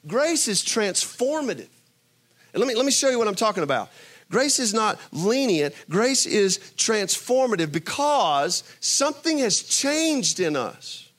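A man preaching a sermon. He is emphatic, swings between loud bursts and quiet asides, and asks his listeners rhetorical questions. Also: high voice. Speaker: pastor.

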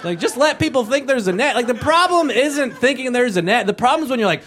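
Animated man doing stand-up. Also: very high-pitched, normal speed, a crowd in the background. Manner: rambling, conversational with animated acted-out quotes. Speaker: stand-up comedian. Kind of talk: stand-up comedy set. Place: comedy stage before a live audience.

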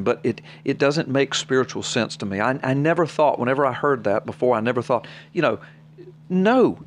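A man's voice: a little high, slight background noise. A man, a preacher on a podcast, reading scripture aloud and explaining it plainly to his co-host in an earnest, personal way. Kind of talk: podcast Bible teaching.

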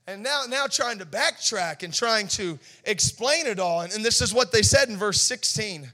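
A pastor preaching with fire, his voice very high and bright. He swings from quiet, confiding asides to shouted, sing-song peaks. He acts out the people he quotes, stammering and laughing. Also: animated, unhurried. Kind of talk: sermon.

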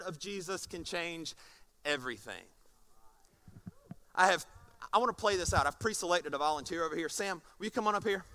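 A man preaches from the stage of a church in a high, ringing voice. He is animated and acts scenes out for the congregation, moving from quiet, soft lines to loud ones. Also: a little fast, pauses often. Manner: animated, swings from soft to shouting. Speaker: pastor. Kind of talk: sermon.

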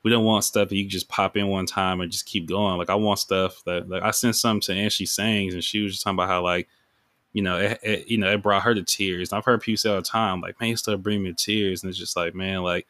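Man, low deep voice, rambling emotional podcast talk, many fillers, dry close sound. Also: steady tone, fast, a bit bright, dry recording. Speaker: podcast host and music artist. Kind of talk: casual reflective monologue.

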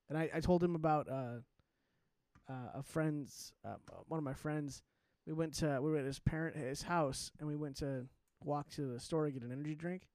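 A young man co-hosting a podcast, telling stories in a casual, animated way and acting out the people he quotes. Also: a little high, fairly quick, no echo, clean studio sound. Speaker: podcast co-host. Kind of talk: casual chat.

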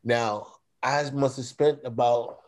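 A middle-aged man telling stories as an interview guest, relaxed and slangy in his phrasing. His voice sits at an everyday middle pitch, and he grows animated when he acts out what other people said. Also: slow. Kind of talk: casual storytelling.

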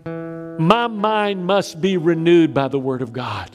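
Animated high-voiced preacher. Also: male voice, slow, soft background music. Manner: animated storytelling preacher, sweeping pitch swings, drops to quiet emphasis. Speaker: pastor. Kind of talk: sermon.

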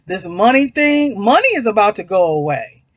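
A man's voice: high-pitched, very animated, normal speed, dry recording. A man hosting his own podcast, talking in a rambling, casual way, swearing freely and addressing listeners as y'all. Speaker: podcast host. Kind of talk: casual chat.

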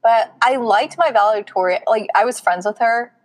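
A woman's voice: a little high, normal speed, poor audio. Young woman, Southern US accent, easygoing co-host, acts out quotes. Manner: relaxed, recaps with acted quotes. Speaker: podcast co-host. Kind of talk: casual chat.

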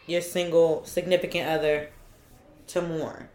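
A woman's voice: low voice, little pitch movement, unhurried, darkish tone, reverberant. A woman co-hosting a casual chat podcast, talking emphatically and repeating her points. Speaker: podcast co-host. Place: room with window open.

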